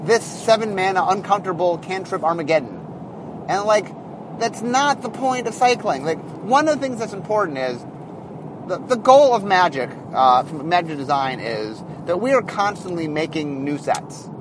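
Man talking casually, high, lively pitch, self-correcting designer, faint traffic noise behind. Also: moderate pace. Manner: rambling, self-correcting, animated explainer. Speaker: game designer. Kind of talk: casual spoken commentary.

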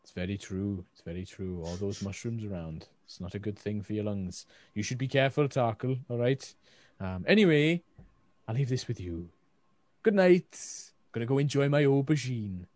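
A homely, chatty furbolg brewer, put on by a man with a rough Welsh accent. He is friendly and folksy, calling people boyo. The sound is dry and close. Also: on the low side, expressive, moderate pace, a little mellow, dry recording, natural voice. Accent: Welsh, badly done.

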